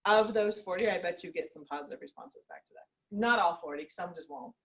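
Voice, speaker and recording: A woman's voice: lowish voice, a little fast, a bit bright, rough recording. A woman leading a sales team meeting, chatty, laughing often and acting out little quotes. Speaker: team leader. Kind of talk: team meeting pep talk.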